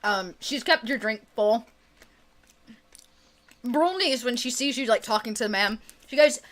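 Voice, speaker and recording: A woman's voice: fairly high pitch, lively intonation, measured pace, long pauses, fairly bright tone. A woman narrating as game master in a tabletop game, chatty and filler-laden. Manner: chatty, full of fillers and laughs.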